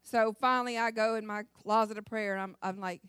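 A woman's voice: mid-range voice, steady tone, fairly quick, a bit bright, smooth, dry recording, studio quality. A middle-aged woman giving a church testimony, telling her story in a dramatic, emphatic way. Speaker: church speaker. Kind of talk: sermon testimony.

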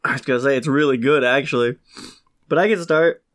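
A man's voice: mid-range voice, brisk, a bit bright. A man co-hosting a casual podcast chat, sick with a cough, telling stories in a dry, wry way. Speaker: podcast co-host.

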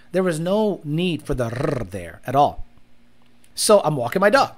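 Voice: medium pitch, a little slow, noisy background. A livestream host in casual chat, reading out viewer comments and telling stories with lots of laughter and swearing. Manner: animated storytelling, frequent laughter, profane.

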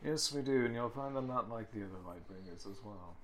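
A man's voice: on the low side, fairly quick, a little hiss or hum. A man playing a tabletop game, earnest and matter-of-fact. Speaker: player. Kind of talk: tabletop role-play banter.

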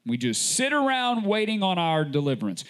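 A man pastor preaching a sermon, emphatic, with repeated rhetorical questions and a deliberate delivery. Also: huge pitch swings, a bit bright. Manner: slow, deliberate delivery with sudden rises in pitch.

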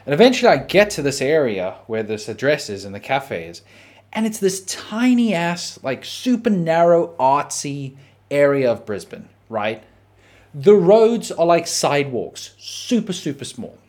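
An Australian man hosting a podcast, telling a story in a casual, animated, profane way. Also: on the high side, measured pace. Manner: animated, profane, dramatic retelling. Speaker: podcast host.

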